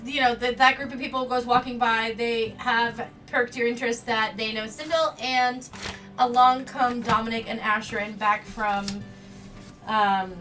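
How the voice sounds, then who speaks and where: A woman runs a tabletop game as game master, her bright, fairly high voice picked up from some distance. She narrates hesitantly, stopping often for ums. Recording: distant mic.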